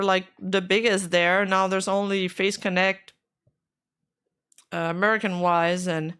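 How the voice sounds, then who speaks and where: A woman's voice: medium pitch, fairly bright tone, smooth. A woman streamer giving casual commentary while reading out posts, skeptical and frustrated, speaking bluntly and swearing now and then.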